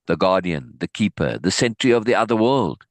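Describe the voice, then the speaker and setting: A man reading as a calm, amused old sorcerer. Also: sits low, a little fast, no room sound.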